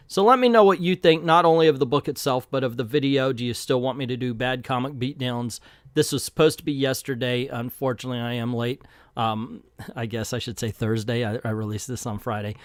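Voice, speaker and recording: Sarcastic guy ranting about a comic, kinda high voice, dry. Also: dry recording. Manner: sarcastic, exasperated. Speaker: comic book reviewer. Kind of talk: casual commentary vlog.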